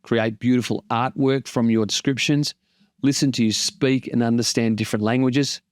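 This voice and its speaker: A man's voice: medium pitch, steady tone, moderate pace, a little mellow, clear, resonant tone, no echo, clean studio sound. A man hosting a casual tech explainer, plain-spoken and lightly joking as he walks through tools. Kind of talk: casual tutorial narration.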